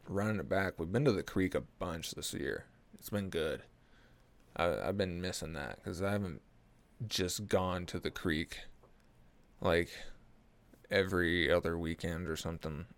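A man, rambling through a profane, jokey monologue as a podcast host. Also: deep voice. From Oklahoma. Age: early 20s. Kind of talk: casual comedic monologue.

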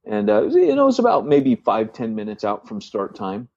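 Fairly low, brisk, and gravelly with a slightly rough texture, this church planter's voice comes through dull audio with no room sound. Co-hosting a podcast, he tells a story casually, restarting frequently and performing the dialogue he quotes.

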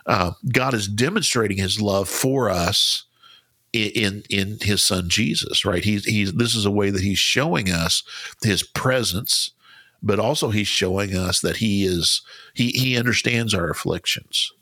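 A man's voice: fairly low pitch, measured pace, sharp tone, no echo. A man co-hosting a Bible study podcast, talking earnestly in casual chat and often repeating and restarting his words. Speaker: podcast co-host.

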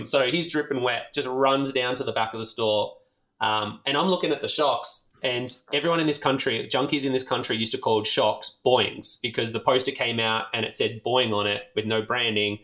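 An Australian man telling a rambling, animated story in casual chat, swearing freely and leaning on fillers. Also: medium pitch, moderate pace. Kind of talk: casual anecdote.

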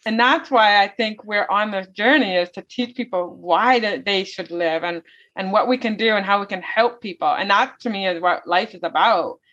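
A woman's voice: medium pitch, normal speed, a bit bright. A woman speaking as an interview guest, telling her story in an earnest, heartfelt way. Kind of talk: interview conversation. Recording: dull lo-fi audio.

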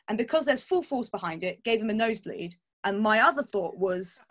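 A woman's voice: mid-range voice, lively intonation, brisk, hardly any pauses. A woman chatting candidly as a podcast guest, laughing often and swearing casually. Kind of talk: casual chat.

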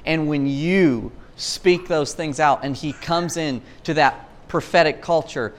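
Relaxed, clear-voiced male preacher. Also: on the high side, unhurried. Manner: relaxed storytelling with slang and many restarts. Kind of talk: casual sermon.

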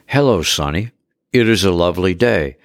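An eerily cheerful female android companion, chirpy and suggestive, with stiff machine-like phrasing. A man with a very low voice acts her out. The sound is dry and close. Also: animated, moderate pace, no echo. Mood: chirpy flirtatious.

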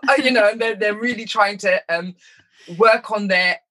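A middle-aged woman from tells her life story in an interview, and her voice is bright and forceful. Her carries a lively, self-mocking manner. She laughs often and slips into quick impressions. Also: mid-range voice. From London, England. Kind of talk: personal storytelling in conversation.

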